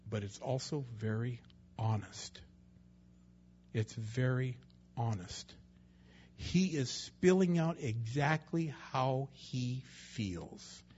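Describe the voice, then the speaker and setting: A man's voice: medium pitch, a little mellow, husky, dull audio. A man preaching a sermon in a conversational way, sometimes acting out the voices of people he quotes. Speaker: pastor.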